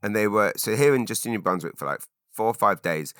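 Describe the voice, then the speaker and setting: A man's voice: on the low side, lively intonation, fairly quick, fairly bright tone, clear, resonant tone, no room sound, clean studio sound. A British man in his forties from England, hosting a solo podcast in a rambling, self-deprecating way full of fillers and restarts. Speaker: podcast host.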